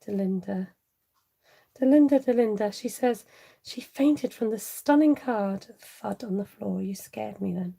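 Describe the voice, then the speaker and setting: A woman's voice: medium pitch, takes it slowly, creaky, warm tone, slightly rough, poor audio. A middle-aged woman chatting through a live craft tutorial, laughing often and answering viewers as she works. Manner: chatty, laughing, reads viewer comments aloud. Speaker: stamping craft demonstrator.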